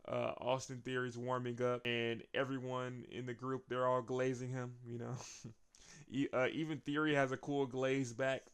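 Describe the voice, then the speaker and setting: A man's voice: mid-range voice, level tone, moderate pace, clear, resonant tone. A man casually recapping a wrestling show as host, chatty, laughing often.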